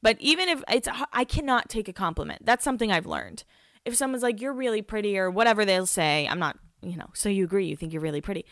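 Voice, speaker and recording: A young woman in her twenties hosts a podcast and tells a personal story in a loose, confessional chat. Her voice is smooth and clear, with a dry, close sound and no room echo. She swears freely and laughs at herself as she goes. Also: mid-range voice, animated, fast, a bit bright. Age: 20s. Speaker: podcast host. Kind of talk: casual storytelling monologue.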